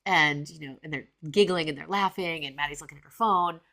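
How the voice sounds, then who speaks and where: A woman in her forties tells a story on her podcast, chatty and animated, with plenty of fillers. Her voice sits low with a gravelly fry, and her tone is bright and crisp. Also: fairly quick. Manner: chatty, animated, many fillers and acted-out quotes. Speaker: podcast host. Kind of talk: casual storytelling monologue.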